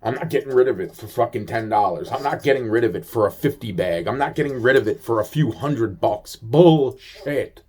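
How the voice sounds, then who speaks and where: A man's voice: medium pitch, animated, a little fast, hardly any pauses, darkish tone, slightly rough. A man venting in a rambling casual monologue, agitated, profane and full of repeated fillers.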